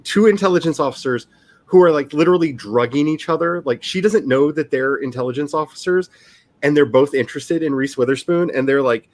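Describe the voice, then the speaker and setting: A man's voice: a little high, a little fast. A man, chatting casually and rambling on a livestream. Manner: rambling and chatty, laughing often. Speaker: author and streamer.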